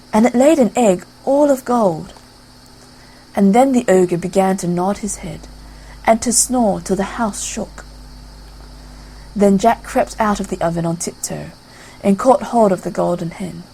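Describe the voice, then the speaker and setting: A woman narrating a classic fairy tale aloud in a lively storybook reading style. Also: mid-range voice, creaky, a little hiss or hum, low-quality recording.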